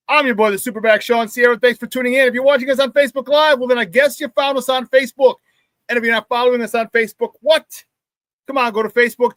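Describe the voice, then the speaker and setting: A man hosting a live morning sports talk show, loud and playful, hyping up his audience with shout-outs. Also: high-pitched, no room sound.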